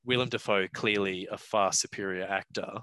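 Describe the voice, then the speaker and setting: A man's voice: lowish voice, steady tone, moderate pace, sharp tone, clear, resonant tone, no echo. A man hosting a podcast, rambling through casual film chat, laughing and swearing freely. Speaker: podcast host.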